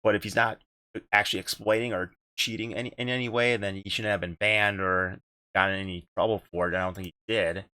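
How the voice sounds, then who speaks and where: A man's voice: fairly low pitch, steady tone, a little fast, pushed and bright, clear, resonant tone, no echo. A man hosting a casual gaming podcast, rambling and repeating himself, with casual swearing. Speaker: podcast host and streamer.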